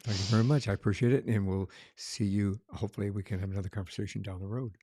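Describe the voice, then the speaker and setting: A man's voice: fairly low pitch, fairly even intonation, fast, mellow, no room sound, studio quality. A man hosting an interview podcast, courteous and effusive with praise. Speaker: podcast host. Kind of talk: casual interview.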